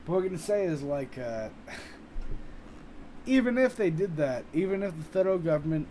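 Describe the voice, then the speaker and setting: A man chatting casually on a live stream, reading viewer comments in a rambling, profane, animated way. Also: fairly high pitch, fast talker, slight background noise, low-quality recording. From United States.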